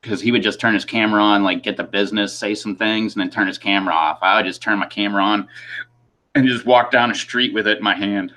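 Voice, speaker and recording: A man's voice: on the low side, fairly even intonation, fast, pushed and bright. A man hosting a livestream in casual chat, rambling and laughing between his sentences. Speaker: host of a livestream.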